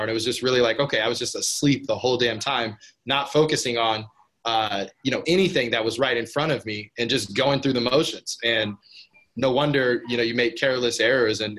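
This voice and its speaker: A man in relaxed podcast conversation, middle-pitched and eager. He rambles, restarts his sentences and leans on filler words as he gets excited about an idea. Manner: enthusiastic, rambling with many restarts and "like". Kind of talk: casual conversation.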